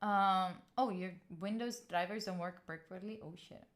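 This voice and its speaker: A young livestreamer from Italy, in her twenties, talks candidly to viewers in English with an Italian accent, using a mid-range voice at a moderate pace. She's animated, swears freely, and reads chat aloud and answers it.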